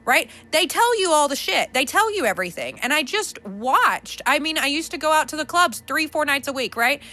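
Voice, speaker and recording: Bright-voiced candid woman podcaster. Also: high-pitched. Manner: candid, swearing, laughs often, many fillers. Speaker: podcast host. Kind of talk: casual monologue.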